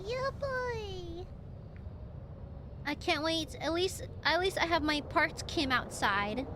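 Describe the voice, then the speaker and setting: A young woman streamer commenting on a game, her high voice bouncing around a lot. She's chatty and excitable, laughing easily as she reacts. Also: slow pace, background noise. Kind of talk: casual gameplay commentary.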